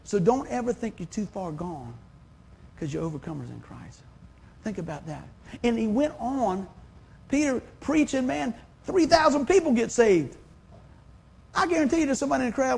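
A man's voice: very high voice, very animated, normal speed, vocal fry, pauses often, a little mellow, a little hiss or hum. A man, preaching a sermon in a folksy, conversational way. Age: 50s. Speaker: pastor.

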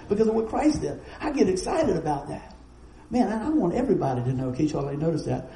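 Here a middle-aged pastor tells stories and drifts into asides during an animated, down-home sermon. His high voice has a dark, mellow quality with noticeable vocal fry. Faint noise sits under the reverberation of a large church hall.

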